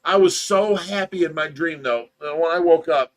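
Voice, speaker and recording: At a moderate pace and on the high side, an older man hosts a fish rescue livestream. His talk is casual, folksy and rambling, with stories told in mock offense.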